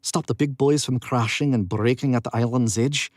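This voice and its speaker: A man voicing a gruff adult man with a thick Scottish accent in an audiobook reading. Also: medium pitch, steady tone, moderate pace, dry recording, clean studio sound, pitched above the performer's own voice, close to an everyday voice. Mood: challenging. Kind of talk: audiobook narration playback. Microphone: studio booth mic.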